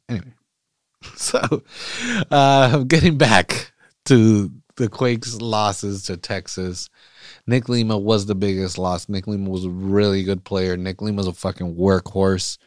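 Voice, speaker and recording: A man's voice: fairly low pitch, dry recording, clean studio sound. A man hosting a soccer podcast in casual, profane, rambling talk that wanders off on tangents. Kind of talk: casual chat.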